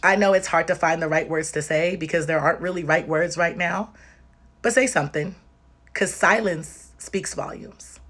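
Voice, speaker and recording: A woman's voice: fairly low pitch, moderate pace, fairly bright tone. Tearful, emphatic woman on a livestream. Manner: emphatic, repetitive, direct. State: tearful and exhausted. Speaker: livestream host. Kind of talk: impassioned livestream talk.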